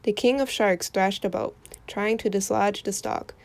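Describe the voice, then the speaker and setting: A woman reading a folktale aloud for children in an expressive storytelling voice. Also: mid-range voice, moderate pace.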